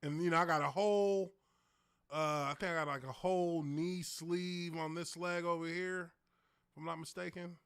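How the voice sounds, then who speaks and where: A fairly high-voiced man in his thirties, talking into a close, dry desk mic at home. He hosts a casual livestream Q&A and tells his stories in an animated way, with bursts of laughter, loud exclamations and some swearing. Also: moderate pace, vocal fry, clean tone, no room sound. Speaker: livestream host, former NFL lineman.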